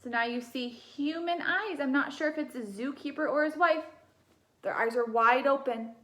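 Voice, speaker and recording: Young female teacher with a high voice, reading a picture book aloud to children, gentle and lively. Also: moderate pace. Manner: gentle, animated, asks children questions.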